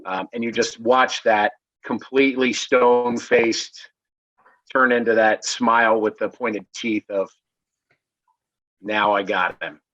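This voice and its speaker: A man's voice: medium pitch, steady tone, a little slow, a bit bright, dry recording. A middle-aged man in a casual review chat, rambling and restarting his sentences as he reaches for the point. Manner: rambling, many fillers and restarts. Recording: dull dry lo-fi remote mic.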